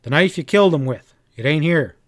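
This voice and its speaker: Narrator as a grim drawling frontier sheriff, plain steady voice, audiobook. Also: male voice, fairly high pitch, brisk. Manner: grim, drawling, rural speech.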